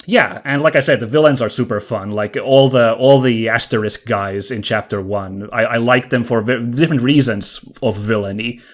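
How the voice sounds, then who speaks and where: Talking video games on a relaxed podcast, this male co-host is enthusiastic and works through his thoughts as he speaks. He uses a mid-range voice at a moderate pace, with hardly any pauses.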